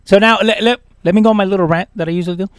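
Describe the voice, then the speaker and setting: A man's voice: sits high, steady tone, racing, slight background noise. A young man co-hosting a casual wrestling chat, ranting emphatically and repeating words. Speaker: podcast co-host.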